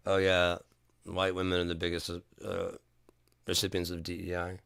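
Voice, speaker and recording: A man's voice: sits low, completely flat delivery, moderate pace, gravelly, a bit bright, clean tone, dry recording, studio quality. A man talking in a rambling, profane, casual monologue, telling stories from his own life. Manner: profane, storytelling, jumps between topics. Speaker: vlogger.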